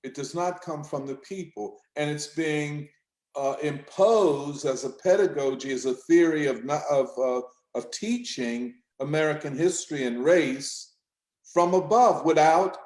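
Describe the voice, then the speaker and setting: Measured man in an echoey room. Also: a little high, darkish tone. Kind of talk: casual discussion. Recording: roomy echo.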